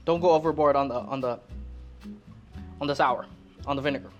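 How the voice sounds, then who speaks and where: A woman's voice: brisk, long pauses, soft background music. A woman in her late twenties chatting casually while cooking, joking, swearing and rambling. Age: late 20s. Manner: lively, jumps up high when excited. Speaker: cooking vlogger.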